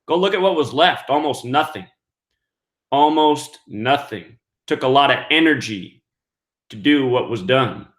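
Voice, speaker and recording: A man's voice: medium pitch, lively intonation, moderate pace, fairly bright tone. A man hosting an online show, giving an emphatic monologue that counts out numbers and asks rhetorical questions. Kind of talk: monologue commentary. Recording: roomy echo.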